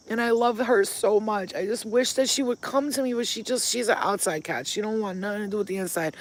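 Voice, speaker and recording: A woman's voice: medium pitch, fast talker, hardly any pauses, poor audio. Chatty woman vlogging outdoors. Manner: emphatic, swearing, chatty, laughing asides. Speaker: spiritual healer vlogger. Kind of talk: casual chat to camera. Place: outdoors in a yard.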